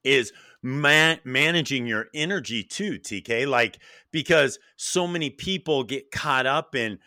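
A man hosts a relaxed conversation with a bright, forward voice. He tells stories with enthusiasm and slips into quoted voices. The sound is dry and close to the mic. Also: mid-range voice, measured pace, hardly any pauses, no room sound. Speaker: podcast host. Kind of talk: casual interview chat.

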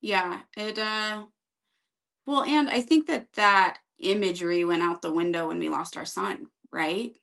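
A woman guest on a podcast, speaking in an earnest, steady, reflective way. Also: medium pitch, a little slow, gravelly. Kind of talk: casual interview chat.

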